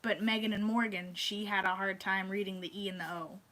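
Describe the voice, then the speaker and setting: A woman's voice: medium pitch, fairly quick, low-quality recording. A young woman telling stories and joking while crafting with her mother. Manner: animated storyteller, giggly. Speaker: co-host, daughter. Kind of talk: casual chat while crafting.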